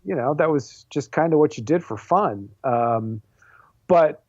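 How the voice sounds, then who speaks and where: A man's voice: on the high side, expressive, measured pace, darkish tone, no echo. Self-deprecating rambling man, dull recording. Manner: rambling, self-deprecating, many fillers and restarts. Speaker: guest comic book artist and writer. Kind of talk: casual interview chat.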